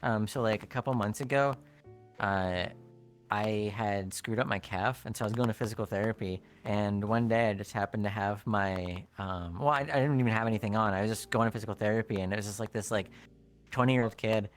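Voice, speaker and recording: A man's voice: fairly low pitch, a little fast, soft background music. Rambling man telling an anecdote. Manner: rambling, many fillers, animated when quoting. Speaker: guest developer. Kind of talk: casual storytelling.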